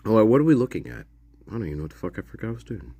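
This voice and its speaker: A man's voice: lowish voice, big pitch swings, very fast, dark tone. A man from the Mississippi Delta streaming live, chatting casually in a rambling, profane way that keeps correcting itself.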